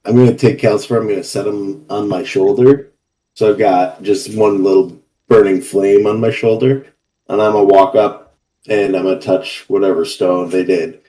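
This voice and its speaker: A man with a fairly low voice playing a tabletop game. He describes what his character does in a loose, joking way, now and then restarting his sentences. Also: poor audio. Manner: relaxed, joking, slightly halting. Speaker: player. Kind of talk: casual tabletop game play.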